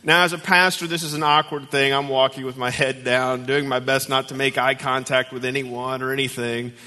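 Bright-voiced pastor in a reverberant hall. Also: male voice, mid-range voice, normal speed. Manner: animated, acts out voices in stories. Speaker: guest pastor. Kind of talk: sermon with storytelling.

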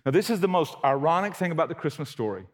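A man's voice: on the high side, sing-song, quick pace. A man preaching a sermon in a folksy, emphatic, conversational way. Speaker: pastor.

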